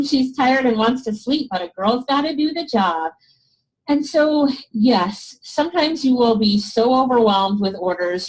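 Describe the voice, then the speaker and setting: Excited woman teaching a live webinar. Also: a little high, low-quality recording. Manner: excited, chatty, laughs often. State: losing her voice. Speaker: online business instructor.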